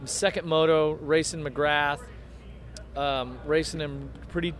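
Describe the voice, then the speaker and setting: A man's voice: a little high, fairly even intonation, slow pace. Rambling middle-aged man telling race stories. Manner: rambling, storytelling. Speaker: former pro motocross racer, interview guest. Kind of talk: casual post-race interview. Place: outdoors at a motocross track.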